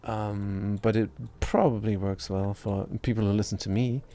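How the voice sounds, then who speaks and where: Speaking at a normal speed in a steady, mellow, fairly low voice, a young man casually narrates the game he's playing. English is not his first language, and it shows in his accent. As a streamer he tends to ramble, mock himself, and restart words he stumbles on.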